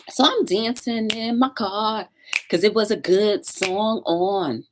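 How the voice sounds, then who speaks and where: A woman's voice: medium pitch, slow, background noise. Chatty woman hosting a livestream. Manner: chatty, animated, talks straight to viewers. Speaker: talk show host. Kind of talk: casual livestream storytelling.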